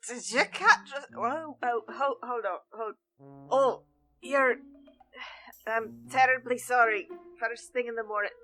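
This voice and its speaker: A woman's voice: fairly high pitch, unhurried, fairly bright tone, soft background music. A woman playing a tabletop game, playful and apologetic. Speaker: player. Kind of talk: tabletop role-play.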